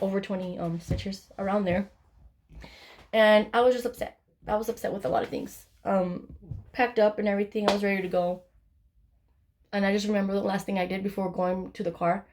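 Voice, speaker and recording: A woman's voice: mid-range voice, a little mellow. A young woman recounts a personal story straight to her camera in a loose, casual way. She swears freely and jumps into the voices of the people in her story as she goes. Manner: candid, swears freely, acts out her own quotes. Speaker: vlogger.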